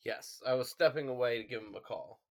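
A man's voice: medium pitch, fairly quick. A man playing a character in a tabletop game, talking in a casual, jokey way. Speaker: player.

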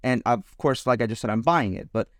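A man's voice: medium pitch, a little fast, dry recording, clean studio sound. A man co-hosting a podcast in casual chat, rambling and hedging his opinions with many restarts. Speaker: podcast co-host.

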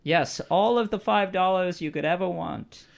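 A man's voice: high-pitched, moderate pace, vocal fry, pitched above the performer's own voice. A man voicing a shrewd, sly woman quest-giver in a tabletop game, haggling and teasing. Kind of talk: tabletop role-play character voice.

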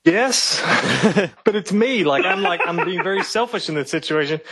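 A man from eastern Kentucky co-hosts a podcast, spinning rambling, profanity-laced stories in casual chat. His voice is high with lively intonation and a moderate pace, and the recording is very noisy.

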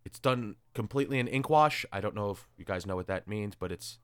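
A man hosting a casual chat, retelling stories in an animated, sarcastic way with crude asides. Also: on the low side, fairly quick, clean tone, no room sound. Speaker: podcast host reviewing comics.

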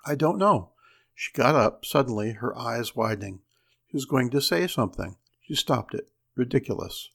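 A man reading a story aloud as narrator, measured with dramatic pauses. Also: mid-range voice, creaky, fairly bright tone.

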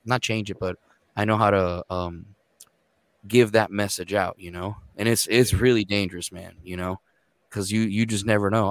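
A man's voice: lowish voice, smooth, dry recording. A man in his thirties, a court interpreter, telling stories in casual, profane podcast chat. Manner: profane, animated storytelling.

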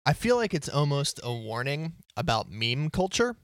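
A man's voice: fairly high pitch, very animated, moderate pace, fairly bright tone, no room sound. A man in casual podcast chat, making dry, teasing jokes about a TV episode.

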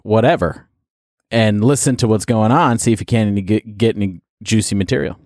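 A man's voice: fairly low pitch, a little fast, dry recording, studio quality. A young man co-hosting a podcast, telling stories and joking with friends in a casual chat. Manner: lively, laughing, jokey storyteller. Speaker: podcast co-host.

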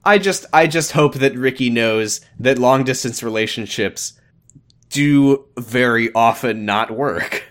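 A man's voice: mid-range voice, a little slow, a bit bright. A man hosting his podcast, summarizing a show in casual chat with a wry, teasing manner and casual swearing. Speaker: podcast host.

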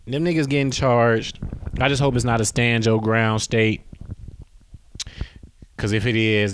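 A man's voice: fairly low pitch, a little hiss or hum. A man hosting a solo podcast from home, rambling and swearing, often losing his train of thought. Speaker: podcast host. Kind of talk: casual solo podcast monologue.

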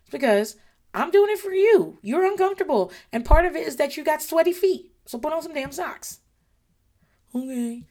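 A woman's voice: high voice, animated, moderate pace, darkish tone. A woman in her thirties, a parent giving blunt, frank advice in casual chat, with a voice that is wearing out. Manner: blunt, frank, swears freely.

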